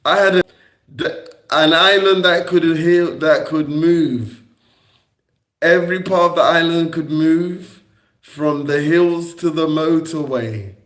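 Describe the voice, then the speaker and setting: Brief: young adult man, livestreamer, slightly high voice, unhurried, combative and repetitive, roomy echo. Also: fairly bright tone. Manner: confrontational, repetitive, swearing at critics. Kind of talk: rambling livestream monologue. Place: indoor room on a livestream. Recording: echoey room.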